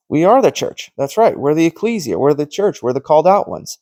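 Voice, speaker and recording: A man with a fairly high voice preaches in a loose, conversational way, acting out the voices of people in his stories. The sound is dry and close, with no room echo. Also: sing-song, fairly quick, hardly any pauses, darkish tone. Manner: storytelling that acts out quoted conversations; earnest, conversational. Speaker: Christian teacher. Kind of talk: informal preaching monologue.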